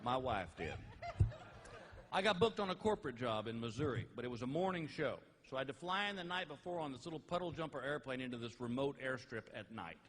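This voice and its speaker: A middle-aged man doing live stand-up comedy on stage, telling stories and landing each punchline slowly and loudly. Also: medium pitch, lively intonation, big-room sound. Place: large theater with audience. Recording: live stage recording with crowd laughter and noise. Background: audience laughing.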